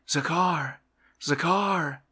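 A lazy, dreamy gentleman lifts his voice into a thin, plaintive sigh in this whispered role-play, as a male reader puts him on. Bright and clear even when whispering, he sounds worn out by the world. At times he drifts a little away from the mic. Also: mid-range voice, measured pace, pitched above the performer's own voice, heavily acted. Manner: plaintive, yearning, sighing. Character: idle, dreamy middle-aged Russian gentleman.

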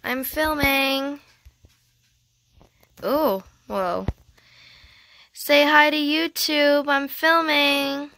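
Bright-voiced, gushing female gamer. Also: high voice, very slow, long pauses. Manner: gushing, excitable, thinks aloud while playing; giggly. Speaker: gaming channel host. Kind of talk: casual gameplay commentary.

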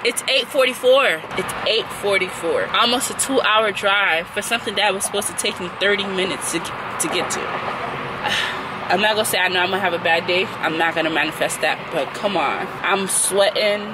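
A woman's voice: medium pitch, normal speed, background noise. A woman, a mother of two chatting casually and exasperatedly to her vlog viewers. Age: 20s. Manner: talkative and exasperated, venting to viewers. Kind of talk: casual vlog chat to camera.

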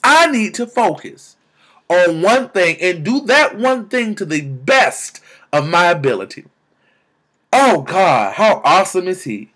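A young man vlogging about faith, exclaiming and repeating words in bursts of excitement, talking into a camera. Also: high-pitched, a little slow, breathy edge. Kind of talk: excited spiritual vlog testimony.

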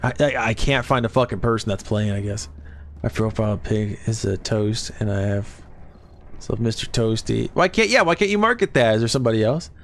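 Chatty Southern streamer man, mid-pitched. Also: expressive, fairly quick, slight background noise. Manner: chatty, swears offhandedly, reads chat aloud. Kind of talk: casual live-stream chat with viewers.

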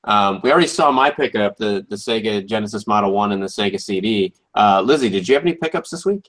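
Low-voiced easygoing man. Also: expressive, quick pace, fairly bright tone. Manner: easygoing, frequent ums and uhs. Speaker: podcast co-host. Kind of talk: casual chat.

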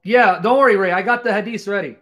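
A man hosting a live call-in debate stream, taunting and mocking his callers loudly. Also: high-pitched, fast talker.

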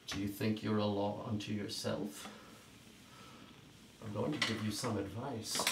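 A man performing a theatrical monologue on a small stage, scolding and nagging in a stream of stock phrases. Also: fairly low pitch. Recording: roomy recording with loud music.

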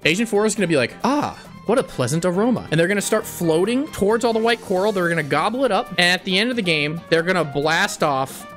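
A man's voice: high voice, expressive, fast talker, hardly any pauses, a bit bright, faint music behind. A man streaming a video game live, joking around playfully and laughing a lot as he comments. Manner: playful, goofy, bursts of laughter; mock-threatening jokes. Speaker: gaming streamer.

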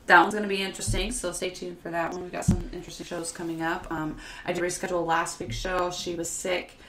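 A woman's voice: lowish voice, quick pace. A woman hosting a podcast, chatting casually, telling stories freely with swearing and frequent laughter. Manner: lively storyteller, swears freely, laughs often. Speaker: podcast host. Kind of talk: casual chat. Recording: echoey room with faint noise.

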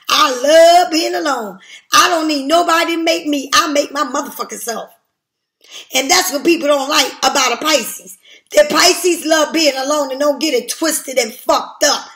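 A woman's voice: high voice, fairly bright tone. An older woman giving a tarot reading in a blunt, profane, emphatic way. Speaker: tarot reader. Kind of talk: casual tarot reading monologue.

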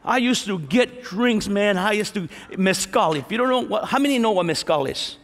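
A middle-aged man, preaching a lively sermon testimony as a pastor and acting out the voices in his story. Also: high voice, normal speed. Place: large church hall. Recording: reverberant church hall.

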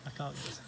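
Gravelly-voiced man chatting at dinner. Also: a little high. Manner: joking, chatty. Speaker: vlogger. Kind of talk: casual chat over dinner. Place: restaurant, then hotel room. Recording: loud background noise.

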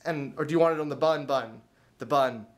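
A man quoting a flustered female fast-food cashier in a story, stammering and tripping over her words as he retells it. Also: mid-range voice, natural voice. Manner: stumbling, tongue-tied, repeating words.

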